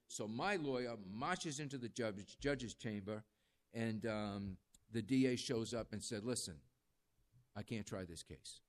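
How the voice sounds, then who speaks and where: A man who works as a jail chaplain, telling a story in sermon style and acting out the people he quotes. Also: mid-range voice. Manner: animated storyteller quoting others in lively voices.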